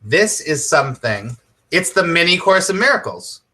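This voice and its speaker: A man's voice: fairly high pitch, very animated, moderate pace, pushed and bright. A middle-aged man, a spiritual teacher, teaching on a live stream with enthusiasm, repeating his points and quizzing viewers by name.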